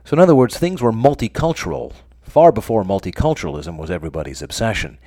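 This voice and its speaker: Deep-voiced wry American man hosting. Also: expressive, fast talker, dark tone. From United States. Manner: dry, sardonic asides. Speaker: radio show host. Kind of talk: scripted comic radio monologue.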